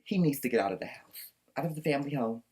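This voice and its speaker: A man's voice: mid-range voice, lively intonation, fast, a little mellow. A man hosting a casual recap podcast, ranting in a sassy, profane, exasperated way. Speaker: podcast host recapping a reunion. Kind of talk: casual commentary with clips.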